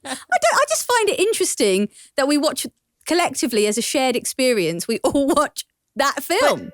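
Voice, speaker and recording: A British woman chatting as a podcast guest, lively and quick to laugh, wandering off on small digressions. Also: sits high, no room sound, clean studio sound. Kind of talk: casual chat.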